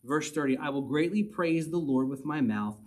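A man teaching verse by verse from the Bible, reading passages aloud and then explaining them in a relaxed, conversational way. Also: on the high side, normal speed. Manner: reads scripture then explains it conversationally, with little chuckles.

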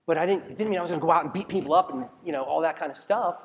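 A male pastor with a fairly high pitch delivers his sermon rapid-fire yet conversationally. He quizzes the congregation and restarts his sentences often, and the sound rings with the long reverb of a spacious hall.

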